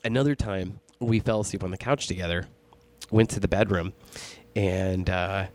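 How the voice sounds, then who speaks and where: A man casually telling a ghost story on a podcast, animated and full of swearing. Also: low voice, moderate pace. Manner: profane, animated storytelling, laughs often. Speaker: podcast co-host.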